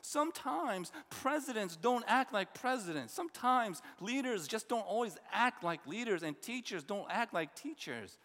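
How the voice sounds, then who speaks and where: A man's voice: sits high, expressive, moderate pace, hardly any pauses, fairly bright tone. A man from New Jersey preaching a sermon as pastor, in a conversational style with personal stories and rhetorical questions. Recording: long reverb of a large hall.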